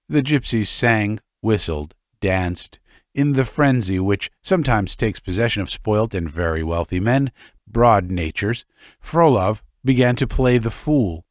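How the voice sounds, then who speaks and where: A man narrating a classic short story audiobook in an unhurried, even manner. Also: lowish voice, dry recording, studio quality. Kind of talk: scripted narration.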